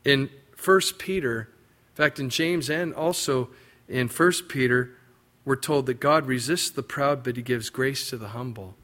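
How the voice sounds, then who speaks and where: A man preaching a sermon, acting out biblical figures' words with lively, rising emphasis. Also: unhurried. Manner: animated, acts out biblical quotes with rising pitch and emphasis. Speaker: pastor.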